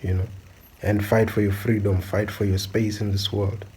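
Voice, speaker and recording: Husky, preachy man. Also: lowish voice, flat delivery, moderate pace, darkish tone, low-quality recording. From South Africa. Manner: preachy, repeatedly asks "do you understand?". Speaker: channel host. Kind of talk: opinionated video commentary.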